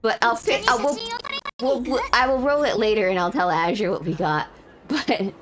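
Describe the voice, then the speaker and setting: A woman's voice: fairly high pitch, normal speed, noisy background. A woman streamer in casual chat, feeling a bit unwell, rambling and correcting herself with frequent laughs.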